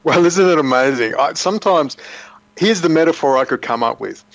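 An intense male guest rambles through long, heated points, tripping over repeated words. His voice sits a little high. The sound is dry, close and muffled, like lo-fi audio. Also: expressive, a little fast, dry recording. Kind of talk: political talk show interview.

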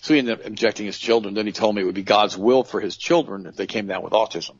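A man with a low, gravelly, husky voice tells stories in a casual, earnest monologue and often stumbles over restarts. The recording is dry and sounds dull and lo-fi. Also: fast, dry recording. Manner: earnest storytelling, repeating himself, restarts.

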